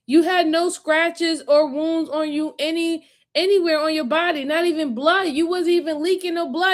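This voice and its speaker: Co-host: high-pitched woman with a New York accent, animated casual commentary, repeats herself. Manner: animated, repeats words when worked up.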